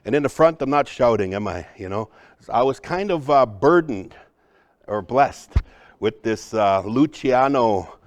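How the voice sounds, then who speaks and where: A man with a baritone voice giving a live workshop presentation to a room of people, talking conversationally and often checking in with the audience. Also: animated, measured pace. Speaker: cultural trainer presenting to a group.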